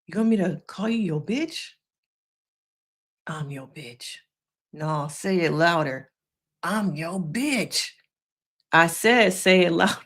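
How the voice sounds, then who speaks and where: A woman imitating a crude, swaggering man who taunts his lover in a mocking, drawn-out way. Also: fairly low pitch, a bit bright. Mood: taunting.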